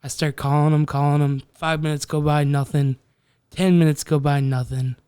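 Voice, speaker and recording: Smooth-voiced swearing podcast guy. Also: on the high side, moderate pace, dry recording, studio quality. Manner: profane, animated storytelling. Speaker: podcast co-host. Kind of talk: casual chat.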